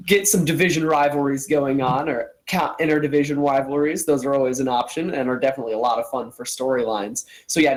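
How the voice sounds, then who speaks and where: A man's voice: mid-range voice, low-quality recording. A man hosting a casual live-streamed show, upbeat and eager as he hypes upcoming matchups. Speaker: show host.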